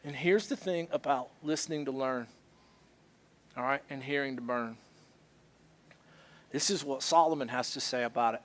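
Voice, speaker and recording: A male pastor preaching a sermon, animated and acting out both sides of everyday arguments. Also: medium pitch, moderate pace, long pauses. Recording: church service.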